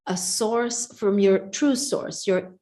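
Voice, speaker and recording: A woman's voice: mid-range voice, takes it slowly, mellow. A woman speaking earnestly and reflectively in a conversation, often repeating phrases as she searches for words. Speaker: guest speaker.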